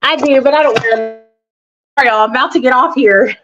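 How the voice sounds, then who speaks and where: On a phone livestream, a chatty woman hosts a casual live chat, addressing viewers directly and swearing freely. Her voice is high and a little fast, and the audio sounds dull.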